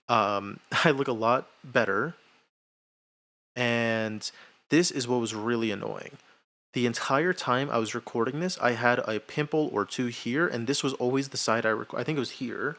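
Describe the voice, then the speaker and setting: Young man, rambling livestream chat, self-mocking, laughs a lot, mid-pitched voice. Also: fairly bright tone. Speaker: streamer.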